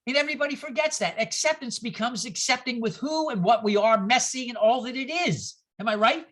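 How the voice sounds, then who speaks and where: A minister leads a conversational Bible study with a bright, edged voice at a middle pitch. The talk is animated and full of pointed rhetorical questions thrown out to the listeners. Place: church gathering.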